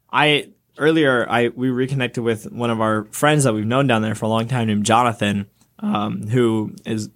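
A young man co-hosting a casual talk show, telling a travel story with lively acted-out quotes. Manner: animated storyteller, acts out quotes with jumps in pitch. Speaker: podcast co-host.

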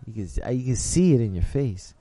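A man's voice: medium pitch, big pitch swings, fast talker, dark tone, no room sound. A young man hosts a casual late-night show. He rambles loosely and keeps asking "you know what I'm saying". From the Bronx, New York. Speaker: host.

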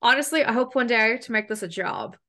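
A woman's voice: fairly high pitch, a little fast. Canadian woman hosting a chatty podcast. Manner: swears often, laughs, animated storytelling. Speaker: podcast host. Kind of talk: casual chat.

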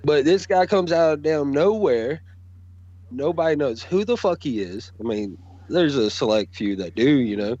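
A man's voice: fairly high pitch, animated, normal speed, warm tone, dull audio. A man, talking bluntly and profanely as a guest in a casual chat about wrestling promos.

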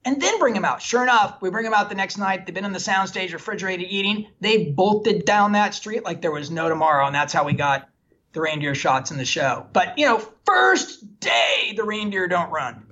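Husky man telling a candid story. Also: sits high, animated, moderate pace, sharp tone, muffled recording. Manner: self-deprecating, candid storyteller. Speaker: film director guest. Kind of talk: animated anecdotal storytelling.

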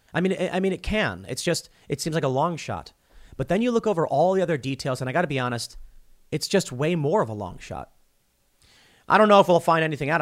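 Animated male political commentator. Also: a little high. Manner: animated, thinks aloud with restarts and mock quotes. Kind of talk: solo commentary monologue.

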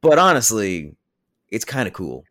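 A man's voice: on the low side, big pitch swings, unhurried, fairly bright tone, no echo, clean studio sound. A man reviewing a film on a podcast, retelling the plot in a rambling, casual way with lots of "like" and blunt, offhand opinions. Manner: rambling, heavy use of "like". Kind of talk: casual spoiler recap.

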